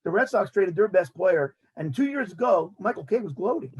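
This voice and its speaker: A man, hosting a casual sports talk show and ranting in an animated way while mocking others' words. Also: high voice, fairly quick, few pauses, breathy edge, low-quality recording.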